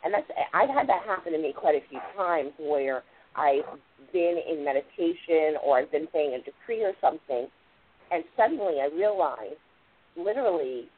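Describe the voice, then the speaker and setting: A woman's voice: deep voice, slightly rough. Woman on a tinny phone line. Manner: rambling, repeats "like" and "literally". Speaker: radio show host, spiritual channeler. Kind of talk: casual spiritual explanation.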